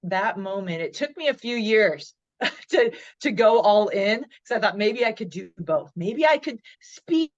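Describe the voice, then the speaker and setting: A woman's voice: medium pitch, unhurried, dull audio. Woman in her forties telling a story. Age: 40s. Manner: lively, acts out her own inner dialogue. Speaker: podcast guest, motivational speaker. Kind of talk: storytelling in an interview.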